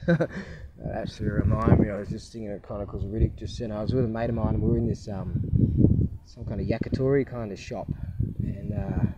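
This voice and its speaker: A man's voice: lowish voice, steady tone, brisk. A middle-aged man vlogging in a loose, rambling way, chuckling often and full of fillers and restarts. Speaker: channel host. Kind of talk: casual rambling vlog chat. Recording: muffled, distant, loud background noise.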